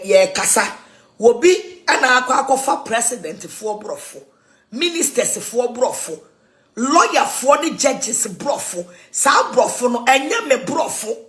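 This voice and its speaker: A Ghanaian woman rants with mocking energy, laughing between sentences and jumping between languages. Her voice sits fairly high and swings widely in pitch. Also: fairly bright tone. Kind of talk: animated mocking rant.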